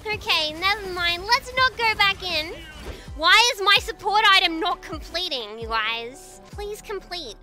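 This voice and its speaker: A woman streamer giving excitable, giggly commentary over her own gameplay, mocking herself and calling out to her teammates. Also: very high voice, a little slow. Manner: self-mocking, frequent laughter. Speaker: video game streamer. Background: game music.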